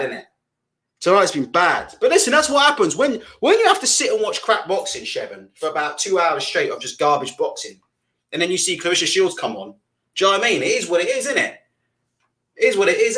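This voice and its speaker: A man hosting a live boxing stream, reading viewer comments and ranting loudly in a deliberately amped-up, swearing way. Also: on the high side. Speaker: boxing channel host.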